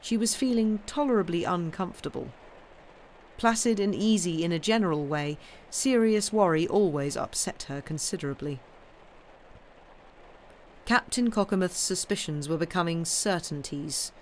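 A woman's voice: fairly low pitch, moderate pace, a little hiss or hum. Woman reading a classic story aloud. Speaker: reader of classic stories. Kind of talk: storybook read-aloud on a live stream.

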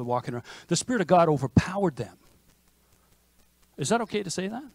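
A man preaching a sermon as pastor, in a lively conversational manner with frequent restarts. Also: high-pitched, fast talker, pauses often, no room sound. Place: church sanctuary.

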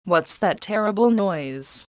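A woman voicing a brave, kind young woman who speaks gently but firmly, in a storybook reading. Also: medium pitch, expressive, takes it slowly, no room sound. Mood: startled.

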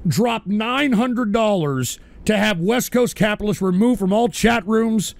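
A man hosts an online awards segment, swearing and ranting. His voice is high and gravelly, and it swings widely in pitch. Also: unhurried, no room sound. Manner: profane, shouty, animated. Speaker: online show host.

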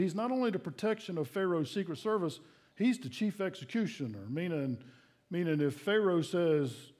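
A middle-aged man preaching a sermon in a church, earnest and personal, dropping to hushed asides. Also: on the high side. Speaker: pastor. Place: church sanctuary.

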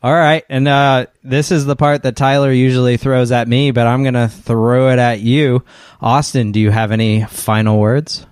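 A man's voice: medium pitch, level tone, normal speed, a little mellow, clean tone, dry recording, studio quality. A man hosting a podcast in casual chat, easygoing and joking. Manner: easygoing, tells jokes with a laugh. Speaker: podcast host.

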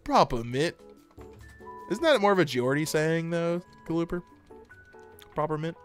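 Playful American man streaming, lively pitch. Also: a little slow, smooth, soft background music. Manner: playful, joking, laughs often. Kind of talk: casual live-stream chat, reading chat aloud.

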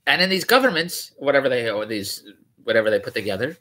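Riffing on a news article, a male vlogger wanders off on tangents, corrects himself often, and sounds incredulous and mocking. His mid-range voice is sing-song, fast, bright, and forceful.

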